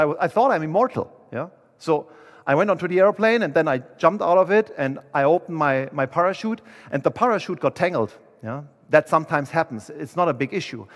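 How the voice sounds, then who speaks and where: Chatty man speaking in a big echoing hall. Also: fairly high pitch. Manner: candid, chatty, acts out dialogue. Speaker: motivational speaker. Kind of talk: personal story speech to employees. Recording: long reverb of a large hall.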